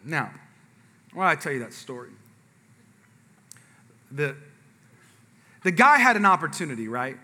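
In a large hall, a pastor with a slightly high voice speaks a little slowly, leaving long pauses. He's an animated storyteller sharing a humorous personal tale with his congregation, voicing other people's lines and putting questions to the listeners.

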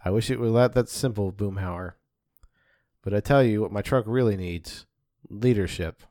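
A man voicing a gruff Texan cartoon dad. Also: on the low side, normal speed, dark tone, no room sound, studio quality, close to an everyday voice. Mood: stern. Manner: gruff, blunt, lecturing. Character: stern middle-aged male propane-dealer dad.

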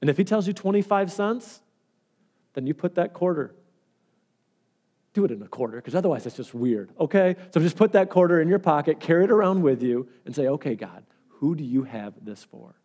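A man's voice: high voice, lively intonation, a little fast, warm tone. A male pastor preaching a sermon in an earnest, conversational way and telling stories.

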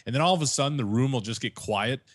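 A man's voice: mid-range voice, fast talker, dry recording, studio quality. A man telling profane stories in a casual chat, laughing as he goes. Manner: profane storytelling, laughs mid-sentence.

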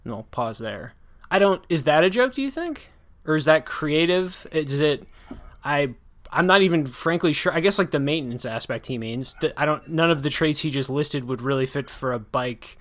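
A man's voice: a little high, lively intonation, moderate pace, fairly bright tone. A man hosting a casual book discussion, talking in a critical, rambling way full of restarts and hedges. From United States. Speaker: podcast host discussing a book.

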